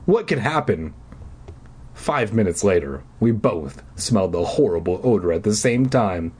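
A man's voice: low voice, lively intonation, normal speed, darkish tone, breathy edge. A man reading a children's horror book aloud and then chatting in a crude, sarcastic, rambling way. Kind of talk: storybook reading and casual chat.

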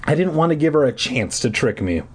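A man's voice: fairly high pitch, very animated, a little fast, slight background noise. A man reading a children's book aloud in a mock-dramatic way, breaking off for crude jokes. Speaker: reader.

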